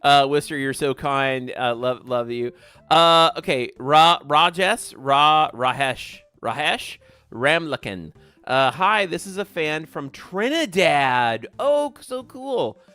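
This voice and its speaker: A man hosting a gaming livestream, chatting casually and warmly thanking viewers by name as he reads their comments. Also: on the high side, slow, clear, resonant tone, no echo. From American South.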